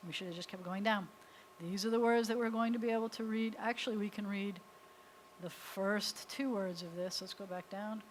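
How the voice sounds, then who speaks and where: A woman's voice: mid-range voice, level tone, normal speed, slight background noise, low-quality recording. Woman rabbi teaching a beginners' class. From United States. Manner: patient, explains step by step, sounds out letters. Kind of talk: live class instruction. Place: synagogue classroom.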